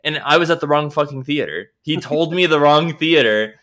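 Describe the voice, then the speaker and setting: Bright-voiced man telling a story. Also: fairly high pitch, normal speed. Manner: storytelling, swearing, laughing. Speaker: podcast co-host. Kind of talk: casual chat.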